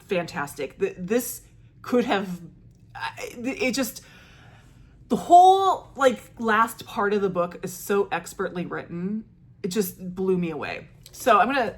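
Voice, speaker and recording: Adult woman, lower register, chatty and enthusiastic book vlogger talking loosely to camera. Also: breathy edge. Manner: chatty, enthusiastic, frequent fillers and restarts. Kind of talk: casual monthly reading wrap-up.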